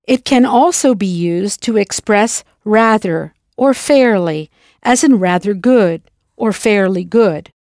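A woman narrating a scripted language lesson in a clear, playful way, spelling words out letter by letter. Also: medium pitch, takes it slowly, a little mellow, no room sound, clean studio sound. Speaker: language teacher.

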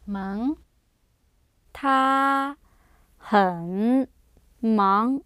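Woman, pronunciation model, very slow careful enunciation, higher voice, dry sound. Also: fairly bright tone, clear, resonant tone, no room sound.

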